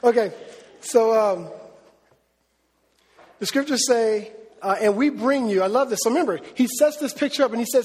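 A man's voice: very high voice, normal speed, long pauses, darkish tone, slightly rough, big-room sound. A man preaching a sermon as a pastor, talking in a conversational way and often asking his listeners questions. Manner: conversational, asks the audience questions.

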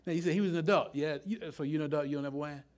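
A man's voice: on the high side, very fast, darkish tone. A man preaching a sermon in a loose, conversational way, often asking the congregation questions. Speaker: pastor. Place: church with a live congregation.

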